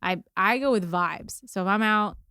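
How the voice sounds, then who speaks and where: Smooth-voiced laid-back mom from Philly. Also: female voice, medium pitch, moderate pace, pushed and bright, dry recording, studio quality. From Philadelphia, USA. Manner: easygoing, self-deprecating, rambling with restarts. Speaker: podcast guest. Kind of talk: casual chat.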